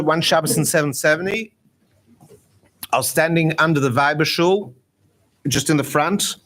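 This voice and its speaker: High-voiced chatty rabbi. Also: male voice, slight background noise. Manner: lively, chatty, self-mocking. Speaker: rabbi teaching meditation. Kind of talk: informal talk at a gathering.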